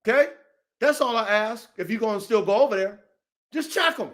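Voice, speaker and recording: A man's voice: high voice, animated, fairly quick, fairly bright tone. A man hosting a podcast, ranting in a profane, confrontational way, repeating himself and calling people out by name. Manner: profane, confrontational, repetitive, calls out names. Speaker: podcast host. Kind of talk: heated casual rant.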